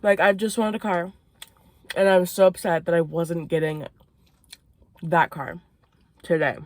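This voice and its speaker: A young vlogger from Maine sits in a parked car eating, casually telling a story while swearing and laughing between bites. Her voice is on the low side, steady and unhurried, and the recording is dry.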